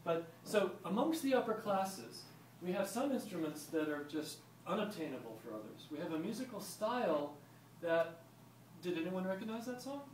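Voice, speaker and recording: A man's voice: high voice, very animated, moderate pace. A man giving a live talk and demonstration to a group of visitors, explaining in a chatty way and quizzing the audience. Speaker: historical music presenter. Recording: roomy, distant mic, ambient noise.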